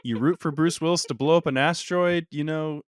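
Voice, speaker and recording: A man's voice: a little high, fairly even intonation, clean tone, no echo. Playful young man, dry close sound. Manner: playful, quick quips. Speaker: podcast co-host. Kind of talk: casual movie podcast chat.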